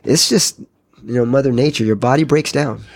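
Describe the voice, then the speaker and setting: A man in his fifties, a gym owner, telling animated stories in casual podcast chat and acting out the voices of people he quotes. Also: medium pitch, moderate pace. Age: 50s. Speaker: jiu-jitsu gym owner and guest.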